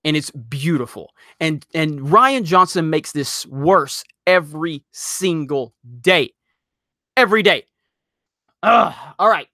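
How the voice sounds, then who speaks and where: A man hosting a live stream, ranting loudly in exasperation and reading viewer messages. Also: a little high, lively intonation, no echo, clean studio sound. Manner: exasperated, loud, rapid rants.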